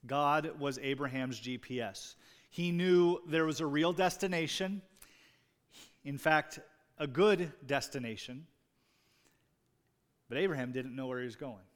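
A man's voice: a little high, a little slow, pauses often. Man preaching in a reverberant hall. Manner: conversational preaching with fillers, rising emphasis on key words. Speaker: pastor. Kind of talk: sermon. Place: church sanctuary. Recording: long reverb in a large hall.

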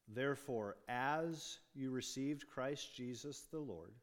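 A man's voice: medium pitch, takes it slowly. A man preaching a sermon as a pastor, explaining scripture in an earnest, emphatic way. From United States.

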